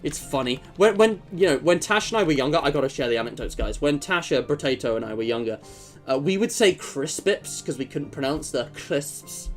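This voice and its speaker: A man's voice: fairly high pitch, expressive, brisk, soft background music. A young man streaming, chatting casually and rambling with jokes and fillers. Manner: rambling and joking, many fillers. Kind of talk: casual chat.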